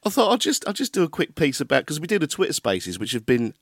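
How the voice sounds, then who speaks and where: A man's voice: fairly high pitch, very animated, fast, a bit bright, slight background noise. A man hosting a football podcast, chatty and easygoing, laughing often. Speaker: podcast host. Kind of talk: casual football chat.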